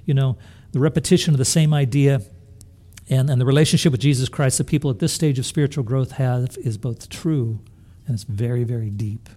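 A man delivering a sermon as a pastor, his voice mellow and warm, at an even middle pitch. He speaks earnestly and puts rhetorical questions to the congregation. He often restarts and repeats words as he works through his thoughts. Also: a little fast. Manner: restarts and repeats words while thinking aloud.

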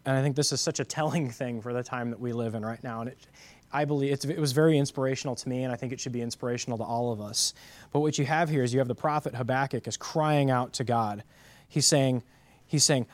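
Man, pastor, sermon, rhetorical questions, emphatic preaching, middle pitch, dry room. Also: fairly quick, no echo.

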